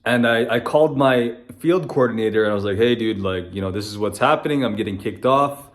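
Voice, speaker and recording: A man's voice: fairly low pitch, fairly quick. A young man from Canada, a construction business owner, candidly telling a personal story in casual, blunt speech full of fillers and reenacted dialogue. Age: young adult.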